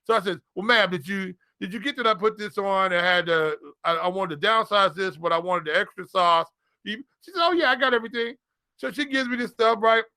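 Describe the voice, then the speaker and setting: High, bright-voiced man joking around on a podcast. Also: fairly quick, clear, resonant tone, no echo, studio quality. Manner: teasing, rambling storyteller. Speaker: podcast co-host. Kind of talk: casual sports podcast banter.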